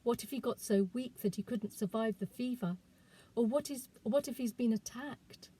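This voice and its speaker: A woman, a children's author, reading aloud from her novel in a calm, expressive storytelling voice. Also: fairly high pitch, normal speed, slightly rough, poor audio.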